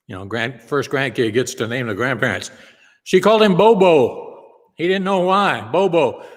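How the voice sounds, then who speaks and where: A man's voice: mid-range voice, fairly bright tone, long reverb tail. A male pastor preaching a sermon, telling stories and acting out the quotes he tells. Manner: storytelling, acts out quotes. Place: church sanctuary.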